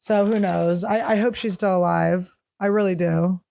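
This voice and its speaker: A woman's voice: fairly low pitch, steady tone, moderate pace, gravelly, warm tone, no echo, studio quality. A woman in her thirties hosting a solo podcast, telling rambling, profane, jokey stories in a casual chat. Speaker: podcast host.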